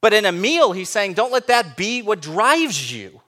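A man's voice: high voice, big pitch swings, unhurried, bright, forceful tone. A man preaching a sermon as pastor, emphatic and full of rhetorical questions.

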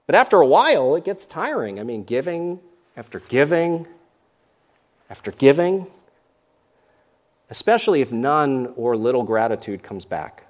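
A man's voice: mid-range voice, very animated, unhurried, pauses often. A man who is a pastor, preaching a sermon in church and acting out grumbling lines with animation.

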